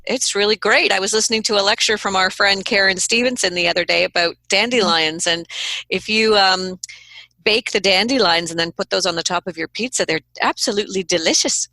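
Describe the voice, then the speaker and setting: A woman's voice: mid-range voice, fairly quick, pushed and bright, no room sound. A woman hosting a radio show, chatting in a conversational way with her guest. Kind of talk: radio interview talk.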